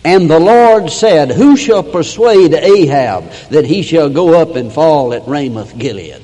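A man's voice: on the high side, expressive, warm tone. Preacher man reading scripture in a reverberant hall. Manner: reads King James verses, then breaks in with plain asides; rises and slows for emphasis, acts out quoted voices. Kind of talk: sermon reading and expounding scripture.

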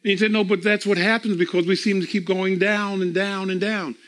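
A man preaching a sermon, emphatic and deliberate, repeating phrases for effect. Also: sits high, level tone, a bit bright. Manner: slow and deliberate, drawn-out pauses.

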